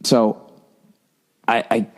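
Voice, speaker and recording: A man in his forties from the United States, telling a profane, rambling story on a comedy podcast. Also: extremely slow. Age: 40s. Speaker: podcast host.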